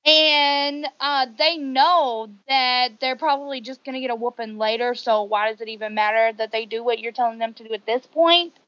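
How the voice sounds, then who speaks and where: A woman co-hosting a podcast in casual chat, animated and indignant, her voice rising sharply as she makes her points. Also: fairly high pitch, normal speed, few pauses, no echo. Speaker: podcast co-host. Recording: dull lo-fi recording.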